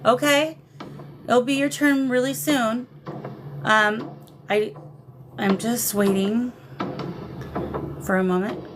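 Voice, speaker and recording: A woman's voice: a little high, fairly even intonation, takes it slowly, pauses often, noisy background. A woman hosting a paranormal livestream in casual chat, greeting viewers with affectionate pet names over a phone camera. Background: shamanic drumming.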